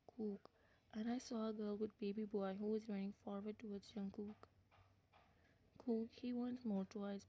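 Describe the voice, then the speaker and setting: A woman reads a story aloud in a mellow, warm voice at a steady pace. Now and then she drops to a soft whisper. Her tone stays even and plain. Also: mid-range voice, poor audio. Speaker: fan fiction narrator. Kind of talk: story reading.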